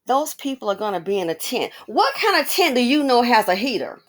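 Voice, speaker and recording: Animated woman talking straight to viewers. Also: fairly high pitch, brisk. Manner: exclamatory, rambling asides. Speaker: commentary channel host. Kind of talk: casual commentary monologue.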